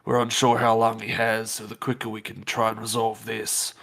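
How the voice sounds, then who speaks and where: A man's voice: on the low side, completely flat delivery, moderate pace, creaky, fairly bright tone. A man speaking in character as a player in a tabletop game, formal and polite.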